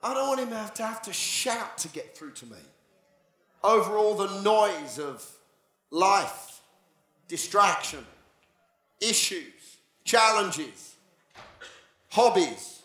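Male pastor, higher voice, sermon, dramatic storytelling, hushed passages, echoey church hall. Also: slow, long pauses. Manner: dramatic, animated storytelling with sudden drops to near-whisper.

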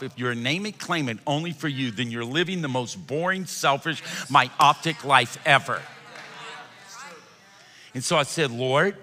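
A pastor preaching a sermon, telling a story with laughs and building up to shouts. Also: male voice, medium pitch, big-room sound.

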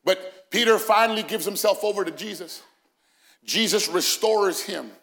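A male senior pastor preaching an Easter sermon in a church, building from quiet reasoning to shouted, sung-out climaxes. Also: sits high, normal speed, creaky. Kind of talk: Pentecostal-style Easter sermon. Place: church sanctuary, also broadcast.

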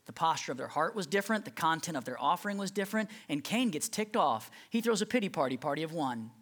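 Speaking quickly in a mid-range voice, a pastor gives an animated, conversational sermon filled with rhetorical questions.

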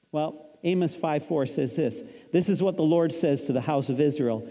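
A man's voice: a little high, animated, normal speed, few pauses, dark tone. A man in his fifties preaching a sermon as pastor, emphatic and repetitive, quoting scripture. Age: 50s. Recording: long hall reverb.

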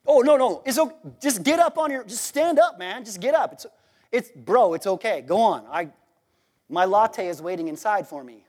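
A man's voice: high voice, animated, moderate pace, a little mellow. A man voicing the apostle Peter as a bold, casual, slangy preacher during a sermon. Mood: pushy, offhand.

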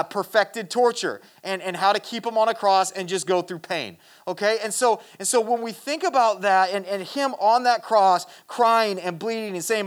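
A preacher giving a sermon in a casual, earnest way, reading scripture and talking to the listeners directly. They often restart and repeat words, and they drop into a quiet, low voice to stress a point. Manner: addresses the listeners directly as "guys" and asks for "amen"; drops to a quiet, low voice for emphasis.

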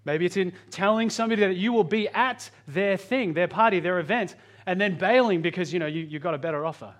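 Delivering an earnest, pastoral sermon, a man uses a fairly bright voice that sits rather high for a man. He rushes through asides but slows right down on key phrases, varying pitch and pace for emphasis.

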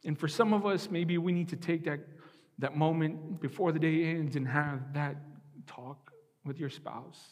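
A man preaching a sermon and leading a closing prayer, earnest and emotional, with slow heartfelt pleading. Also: fairly high pitch, steady tone, in a large hall.

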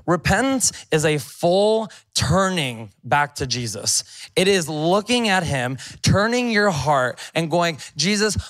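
A man's voice: fairly high pitch, big pitch swings, slow, fairly bright tone. A male pastor preaching a sermon, reading scripture aloud and commenting on it in a conversational, emphatic way.

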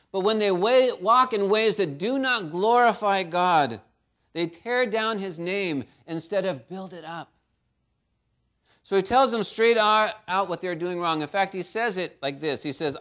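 Male pastor, higher register, animated sermon delivery with strong dynamic swings. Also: moderate pace. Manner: storytelling, animated preaching with swings in loudness.

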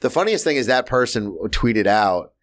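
Animated man hosting a podcast. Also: medium pitch, moderate pace. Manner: animated, jumps to shouts when hyping. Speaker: podcast host. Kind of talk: casual chat.

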